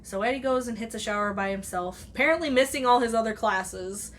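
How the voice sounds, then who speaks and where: Her voice is fairly high and her pace a little quick, with some faint noise behind her. She gives a chatty, meandering review of a movie, retelling the plot, swearing liberally, and voicing the characters' lines with animation.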